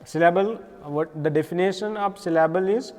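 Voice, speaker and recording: A man with an Indian accent gives a classroom lecture in a fairly high voice. He explains patiently, repeating key words and pausing often with fillers. His voice carries a long reverb. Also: a little mellow. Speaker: English teacher.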